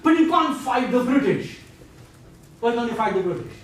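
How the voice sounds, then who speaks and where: A man lecturing a class, animated and quizzing students with playful asides. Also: very high voice, normal speed. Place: large echoey lecture room. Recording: echoey classroom from far off, faint hiss.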